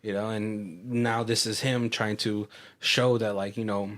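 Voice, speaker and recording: A man's voice: fairly low pitch, level tone, measured pace, fairly bright tone. A man casually recapping a movie on a podcast, rambling with filler words, laughing and acting out lines of dialogue. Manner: rambling, laughing, acts out quotes. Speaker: podcast co-host.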